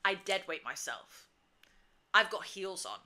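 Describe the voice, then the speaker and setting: A woman in her twenties co-hosts a casual podcast, telling a story animatedly, laughing often, and acting out quotes loudly. Her voice is mid-range and a little slow.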